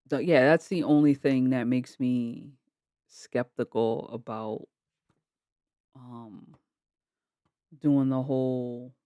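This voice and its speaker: A woman's voice: rumbling low, warm tone, no echo, studio quality. A woman vlogger telling a story casually and bluntly, swearing freely while retelling arguments. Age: adult with kids. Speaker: vlogger reacting to a video.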